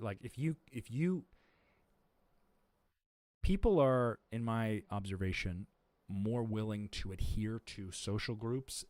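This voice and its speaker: A man's voice: on the low side, darkish tone, no echo. A man streaming, chatting casually in a rambling, thinking-aloud way full of fillers. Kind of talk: casual chat.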